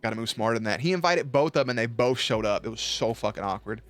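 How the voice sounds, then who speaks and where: A man streaming at night, chatting casually with his viewers, swearing, joking and now and then breaking into loud high yelps. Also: animated, fast talker, faint music behind. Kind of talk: casual chat reading out viewer messages.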